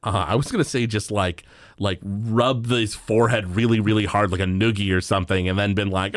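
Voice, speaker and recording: A man's voice: on the low side, a little fast, dry recording. A man co-hosting a podcast in casual chat, telling stories animatedly and acting out the people he quotes. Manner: animated storyteller who acts out quoted characters. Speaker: podcast co-host.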